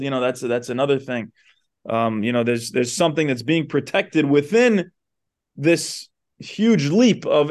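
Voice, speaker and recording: A man teaching a class in a synagogue, retelling a story loosely with many asides. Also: a little high. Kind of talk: storytelling lecture.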